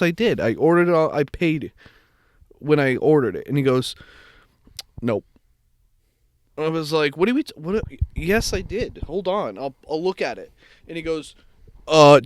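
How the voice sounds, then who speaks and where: On a podcast he co-hosts, a young man with a mid-range voice spins a long, casual story full of swearing and impressions of the people involved. The sound is clean studio audio without echo.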